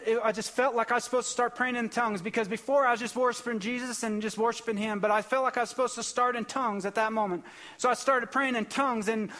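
Male preacher, young, fairly high voice, impassioned testimony delivery with surging emphasis. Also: bright, forceful tone. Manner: emotional, impassioned storytelling with rising bursts. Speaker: pastor. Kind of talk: sermon testimony.

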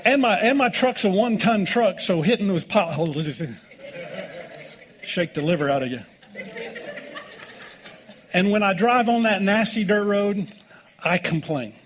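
A man's voice: sits high, animated, normal speed, long pauses. A middle-aged American man preaching a sermon as pastor, telling folksy stories with jokes. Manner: folksy, joking storytelling with laughs.

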